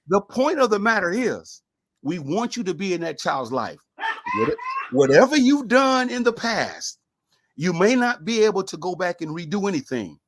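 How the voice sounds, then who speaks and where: A man's voice: high voice, background noise. A man co-hosting a talk show, speaking in an emphatic, preachy way and repeating his points. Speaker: co-host.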